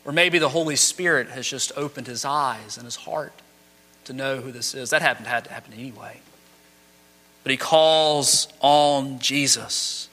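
A man's voice: mid-range voice, brisk, bright, forceful tone. A man preaching a sermon as pastor, dramatic, acting out the quoted speech of the people in his text. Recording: long hall reverb.

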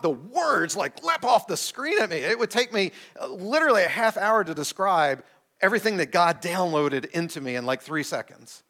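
A middle-aged man who is a pastor, telling a personal story in a sermon with animated, self-deprecating delivery and acted-out quotes. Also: sits high.

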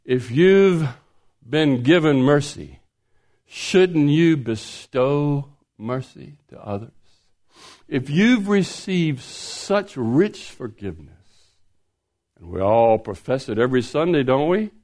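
In a church, a man preaches a sermon slowly with a medium-pitched voice. He is animated and poses rhetorical questions to the congregation.

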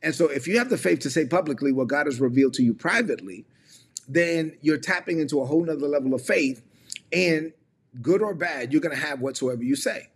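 Husky man preaching emphatically. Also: on the high side, fairly quick. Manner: repetitive, emphatic, mimics people he quotes. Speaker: preacher and mentor. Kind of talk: sermon-style teaching. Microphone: online stream.

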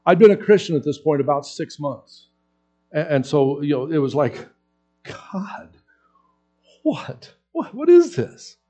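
A man preaching a sermon, telling a personal story with acted-out quotes and lively swings in voice. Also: on the high side, lo-fi sound. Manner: animated storyteller acting out quotes. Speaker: pastor.

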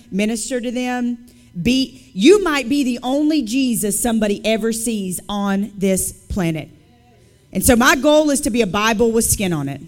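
A woman with a fairly high voice gives a testimony at a church service. She tells her story in a lively, conversational way, and she leans hard on the points she wants to land. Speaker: guest speaker and author.

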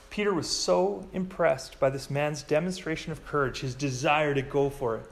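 A man preaching a sermon in a church, telling stories with lively voices for the quoted lines. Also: normal speed, gravelly, few pauses. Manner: animated storytelling, acts out quoted lines in a higher voice. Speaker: pastor.

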